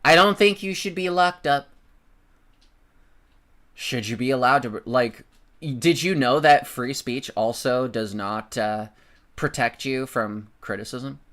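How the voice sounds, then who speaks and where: A man's voice: mid-range voice, slow pace, fairly bright tone. A man ranting in political commentary on a stream, sarcastic and swearing, mocking his opponents.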